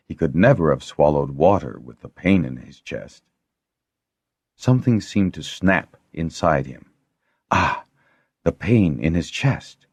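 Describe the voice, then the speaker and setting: Deep, husky male audiobook narrator. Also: darkish tone, no echo. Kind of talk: scripted narration.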